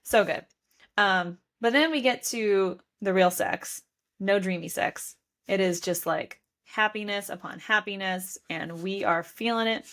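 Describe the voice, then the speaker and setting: A woman's voice: mid-range voice, measured pace, a bit bright. A woman in her thirties co-hosting a book podcast, chatting casually and gushing with laughter. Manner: gushing, laughing, reads lines aloud in playful voices. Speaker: podcast co-host.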